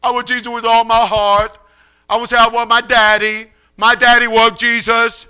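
An earnest young man preaches to a packed room, voiced by a male preacher. His voice sits high and sounds bright and clear. He speaks in short, simple phrases and keeps returning to the same few words. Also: flat delivery, moderate pace, heavily acted. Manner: simple repeated phrases, heartfelt.

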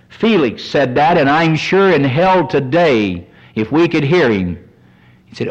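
Preacher man, high voice, slow drawn out sermon, pitch climbs when he quotes folks. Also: animated, muffled recording. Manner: rising pitch, quoting sinners in hell.

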